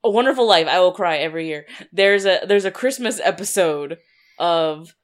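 Chatty woman, slightly low voice. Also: animated, normal speed. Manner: chatty, self-deprecating, laughs often. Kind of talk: casual chat.

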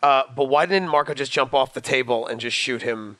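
A man's voice: medium pitch, a little fast, pushed and bright. A man who does stand-up comedy, a guest on a podcast, chatting casually with jokes and puns. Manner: jokey, punning, giggly. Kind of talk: casual chat.

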